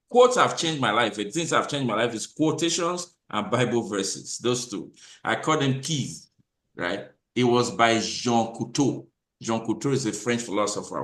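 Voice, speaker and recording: A man hosting a motivational talk, speaking with a preacher-like, emphatic delivery that rises into loud, repeated lines. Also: reverberant. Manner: preacher-like, swings to loud high emphatic repetition. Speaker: host.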